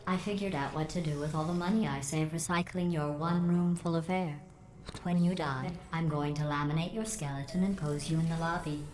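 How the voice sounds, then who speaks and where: GLaDOS, a cold robotic AI. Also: female voice, low voice, fairly quick. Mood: deadpan. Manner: deadpan, mocking, insulting. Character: cold sarcastic female AI overseer. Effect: processed robotic filter. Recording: echoey game audio, faint hiss.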